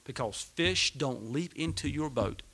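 Middle-aged preacher guy, bright voice, a bit high, storytelling and getting loud at the big points. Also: animated, measured pace, husky. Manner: storytelling, rising to emphatic peaks. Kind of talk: sermon.

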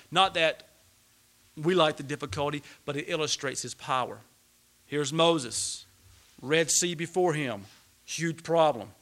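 Middle-aged preacher guy, bright voice, a bit high, storytelling and getting loud at the big points. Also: creaky. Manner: storytelling, rising to emphatic peaks. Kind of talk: sermon.

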